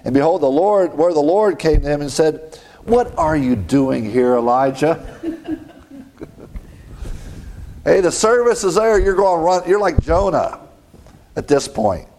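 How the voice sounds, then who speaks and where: A man's voice: on the high side, animated, a little slow, pauses often, darkish tone. A man preaching a sermon, reading scripture and adding conversational asides with frequent chuckles.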